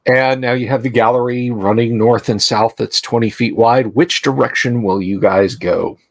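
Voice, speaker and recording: A man narrating a tabletop game as game master, describing scenes deliberately with some restarts. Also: medium pitch, fairly even intonation, creaky, no room sound.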